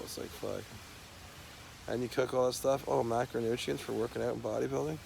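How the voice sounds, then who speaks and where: Gravelly, mid-pitched man for a loose, profane, rambling monologue to camera. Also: steady tone, brisk, background noise. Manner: rambling, profane stream of talk.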